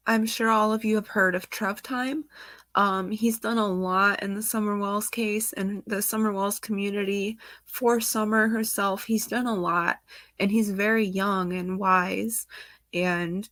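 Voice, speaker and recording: Emotional woman with a gravelly voice. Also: medium pitch, steady tone, slow, a bit bright, no echo. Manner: emotional, sighing, close to tears. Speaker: true crime channel host. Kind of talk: casual commentary reading news reports.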